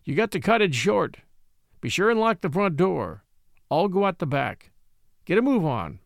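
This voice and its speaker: A man doing a gentle, affectionate master. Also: high-pitched, very animated, normal speed, vocal fry, no room sound, studio quality, full character voice. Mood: brisk. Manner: soft-spoken, affectionate. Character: gentle departing master, grown man, tender and firm.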